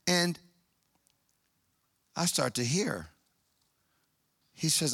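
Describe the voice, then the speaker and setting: A man preaching a sermon, telling a story with excited high bursts and hushed, solemn passages. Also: a little slow, no echo, studio quality.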